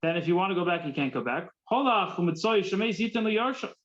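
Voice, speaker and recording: Male rabbi teaching a Talmud class; high-pitched voice, slightly muffled recording. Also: expressive, fast talker, fairly bright tone. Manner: mixes Hebrew-Yiddish terms into English, repeats words while thinking.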